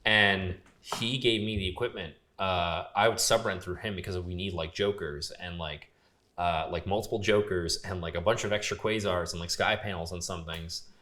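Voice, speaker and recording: A man's voice: sits low, steady tone, moderate pace, sharp tone. A young man casually telling a long story as a podcast guest, full of fillers and quoted dialogue. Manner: laid-back, lots of fillers, quoting others. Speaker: podcast guest, grip and gaffer.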